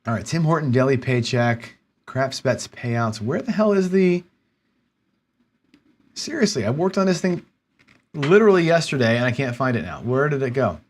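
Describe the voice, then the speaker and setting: A man's voice: medium pitch, animated, moderate pace. A man hosting a casual live stream, half talking to his viewers and half muttering to himself. His voice sits in an ordinary middle register, and his words come out in restless, exasperated bursts while he hunts around on his computer. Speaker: livestream host.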